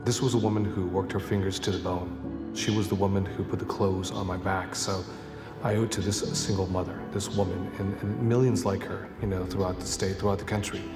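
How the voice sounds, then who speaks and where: A man's voice: low-pitched, steady tone, a little fast, echoey room, music in the background. A man in a campaign ad, earnestly telling his personal story. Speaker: political candidate in an ad. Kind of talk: campaign ad speech.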